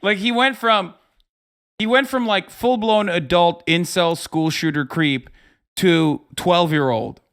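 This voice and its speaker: A man's voice: high voice, takes it slowly, a bit bright, clear, resonant tone. A man in his thirties hosting a livestream, giving profane, exasperated reaction commentary. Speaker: livestream host.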